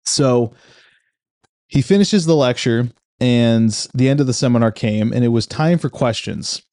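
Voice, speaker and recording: A man's voice: medium pitch, unhurried, a little mellow. Reflective man talking through a book. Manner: conversational, reflective, with restarts. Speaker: book reviewer. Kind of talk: casual book commentary.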